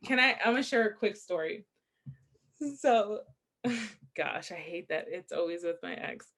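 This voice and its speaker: Animated young woman telling a story. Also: lowish voice, unhurried. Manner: animated storytelling, laughs often, acts out quotes. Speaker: podcast co-host. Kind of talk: casual chat.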